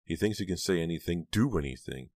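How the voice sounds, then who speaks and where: A man voicing an upset teenage girl who speaks in a raised, high-pitched voice and cries out. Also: lively intonation, fast talker, a little mellow, no room sound. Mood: furious.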